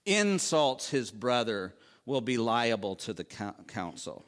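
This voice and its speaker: A man's voice: medium pitch, expressive, unhurried, hardly any pauses. A middle-aged male pastor preaching a conversational sermon, asking the congregation rhetorical questions and adding asides.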